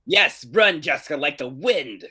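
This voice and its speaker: A man's voice: a little high, expressive, measured pace, crowd noise. A man co-hosting a podcast, chatting playfully and giggling as he recaps a TV episode. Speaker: podcast co-host. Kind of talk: casual comedic recap chat.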